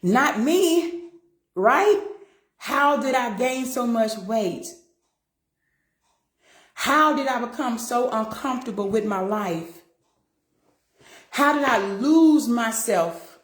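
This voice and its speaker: A woman's voice: fairly high pitch, slow, pauses often, reverberant. A woman, hosting her own show and talking earnestly and encouragingly to viewers, calling them y'all. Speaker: show host. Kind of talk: heartfelt direct-to-camera talk.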